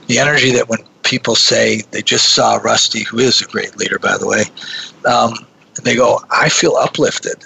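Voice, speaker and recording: A man talking as a radio show guest, an executive coach, halting and repeating words before he finds them. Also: medium pitch, creaky, sharp tone, slight background noise, poor audio. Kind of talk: radio interview answers.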